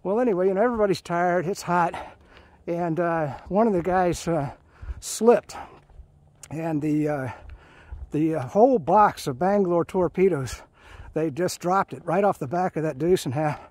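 A man's voice: high-pitched, normal speed, darkish tone, no room sound. Rambling man telling old army stories. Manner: rambling, full of fillers and restarts. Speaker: Marine veteran storyteller. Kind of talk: casual spoken storytelling. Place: outdoors on a hiking trail. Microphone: phone held while walking.

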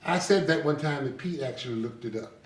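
A man preaching an animated sermon in a church, storytelling with laughter. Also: a little high, a little fast, crowd noise. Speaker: pastor. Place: church sanctuary. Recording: echoey sanctuary, distant mic.

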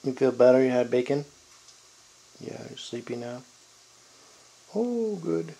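A man films his pets around the house and yard, teasing them in a playful sing-song through the handheld camera's built-in mic. His mid-range voice is gravelly and warm, very animated and a little slow. The recording is rough, with slight background noise.

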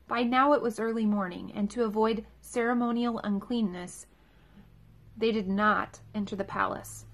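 A woman reading scripture aloud in a church service, clear and measured. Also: medium pitch, a bit bright. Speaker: scripture reader.

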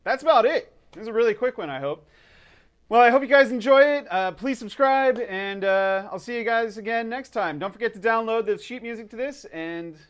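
A man teaching drums in a casual video lesson, relaxed and upbeat, counting in before he plays. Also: very high voice, a little fast, smooth. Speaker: drum teacher.

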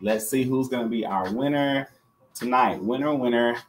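A man hosting a live-stream jewelry sale, chatty and upbeat and talking straight to his viewers, with soft music behind. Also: medium pitch, moderate pace, slight background noise. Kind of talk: live-stream sales chat.

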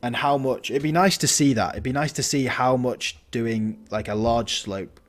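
Over quiet background music, a man with a mid-range voice talks at a moderate pace through a building game. He's a gaming channel host doing casual let's-play commentary, thinking out loud and restarting his lines.

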